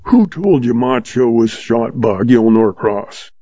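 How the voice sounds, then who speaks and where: A man voicing a grumpy, gruff old one-legged ranch boss in an audiobook, growling his lines, with a dull, dry, lo-fi sound. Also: medium pitch, animated, takes it slowly, mellow, no room sound. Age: older.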